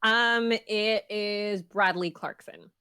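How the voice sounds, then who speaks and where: A woman's voice: mid-range voice, fairly even intonation, slow pace, bright, forceful tone, clear, resonant tone, no room sound, studio quality. A woman co-hosting a game stream, talking eagerly and casually with frequent fillers. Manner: enthusiastic, chatty, many "um" fillers. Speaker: co-host. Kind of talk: casual let's-play chat.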